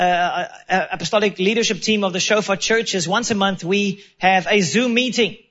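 A high-pitched male pastor delivers a sermon in an earnest, self-deprecating manner. He acts out his own past words in quoted asides. The recording sounds slightly dull and lo-fi. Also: fairly bright tone.

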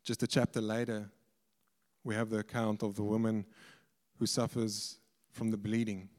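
A man's voice: lowish voice, flat delivery, normal speed, a little mellow. A man preaching a sermon with earnest emphasis, often repeating words as he works through a point. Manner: earnest, stumbles and repeats words when explaining. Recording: reverberant hall.

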